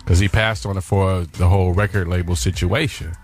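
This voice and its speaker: A man co-hosting a radio talk show, trading quick teasing banter with the others. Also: deep voice, steady tone, slightly rough, faint music behind. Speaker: radio co-host. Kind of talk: casual radio chat.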